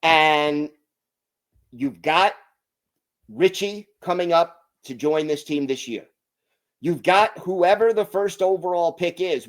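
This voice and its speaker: A man hosting a hockey podcast, giving his opinions in an emphatic, deliberate way. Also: high voice. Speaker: podcast host.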